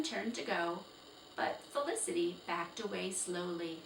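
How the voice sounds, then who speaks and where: A woman reading a children's chapter book aloud with slow, expressive storytelling. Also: lowish voice, vocal fry. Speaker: storybook reader. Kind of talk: children's read-aloud narration. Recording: roomy, distant, faint hiss.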